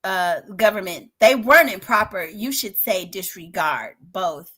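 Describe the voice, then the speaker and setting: A middle-aged woman hosting a home livestream, commenting dramatically with loud exclamations and laughter, then dropping to a hush. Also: medium pitch, lively intonation, unhurried, slightly rough. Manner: dramatic, exclaims and laughs loudly, swings from shouting to hushed. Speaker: livestream host covering a trial. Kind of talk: excitable live commentary. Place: home studio in a spare bedroom.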